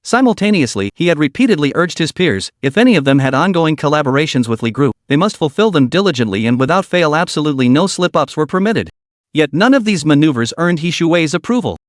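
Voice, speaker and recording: A man narrating a scripted story recap with dramatic, expressive delivery. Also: fairly high pitch, fast, dry recording, studio quality.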